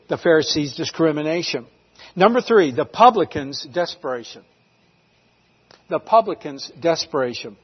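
A pastor from North Carolina preaches with emphasis, his voice high for a man and husky. He swings from loud declarations to near-hushed lines. The recording sounds a little dull and lo-fi. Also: long reverb tail. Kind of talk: sermon.

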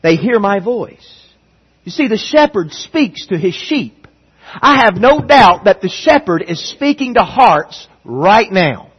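A middle-aged man preaching with a raised, husky voice that sits high for a man. He speaks earnestly and climbs toward emphatic peaks. The recording is dull and lo-fi. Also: sing-song, slow pace. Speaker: pastor. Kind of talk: sermon.

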